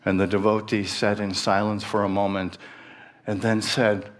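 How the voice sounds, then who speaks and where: A man telling a story in a sermon, slow and pausing, voicing the characters as he goes. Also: lowish voice, steady tone. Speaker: minister.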